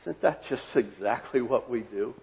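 A man preaching a sermon as pastor, earnest and repeating phrases for emphasis, his voice trailing off softly at the ends of phrases. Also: medium pitch, moderate pace, vocal fry. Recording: dull sound with long hall reverb.

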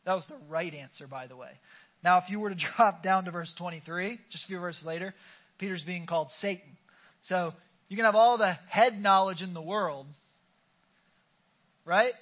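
High-voiced man preaching a sermon. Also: normal speed, pauses often, dull audio. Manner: conversational, urges the congregation to respond. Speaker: pastor. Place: church sanctuary.

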